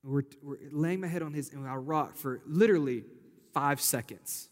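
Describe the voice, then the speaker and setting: A young pastor delivers his sermon with earnest, conversational warmth, circling back on key phrases. His voice sits a little high for a man. The sound carries a long reverb tail, like a large sanctuary. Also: moderate pace. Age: young adult. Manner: earnest, conversational preaching with repetitions. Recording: hall reverb.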